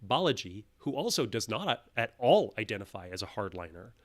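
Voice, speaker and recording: Animated male channel host. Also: fairly low pitch, a little fast. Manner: animated, emphatic asides with restarts. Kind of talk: solo commentary.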